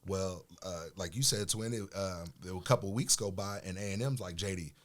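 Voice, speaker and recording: A middle-aged man from Oklahoma, a podcast guest telling casual, animated stories about his football days. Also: sits low, brisk. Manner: animated storyteller, acts out quoted voices. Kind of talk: casual storytelling chat.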